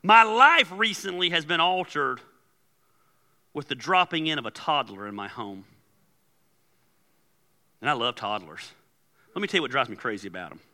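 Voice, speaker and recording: Animated pastor preaching in a big hall. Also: male voice, a little high, normal speed, long pauses. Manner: animated, acts out quoted prayers and voices. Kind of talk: sermon. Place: large church hall. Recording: long hall reverb.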